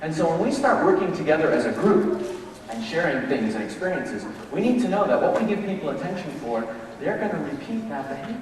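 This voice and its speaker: A man giving a lively motivational leadership talk to a live audience, acting out the voices of people in his examples. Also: fairly high pitch, a little fast, slight background noise. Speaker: motivational speaker. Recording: echoey hall, mic from a distance.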